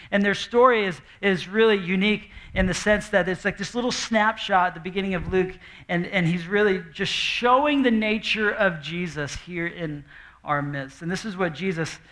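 Brief: young male pastor, high bright voice, chatty and animated, preaching on a stage. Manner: animated and conversational, acting out quoted voices. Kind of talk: sermon. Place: church stage before a congregation.

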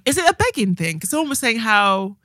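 Lively young woman. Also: on the high side, fairly quick, no echo, clean studio sound. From England. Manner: animated storytelling with acted quotes. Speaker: podcast co-host. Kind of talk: casual chat.

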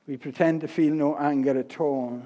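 Older guy preaching, bit high voice, long church echo, jokey stories. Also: fairly even intonation, moderate pace. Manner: storytelling with humor, shifts loud and soft. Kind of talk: sermon. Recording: long reverb of a church hall.

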